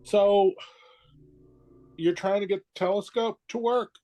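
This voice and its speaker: A man's voice: high voice, fairly even intonation, unhurried, warm tone. A man playing a tabletop game who chats casually and thinks aloud. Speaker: player.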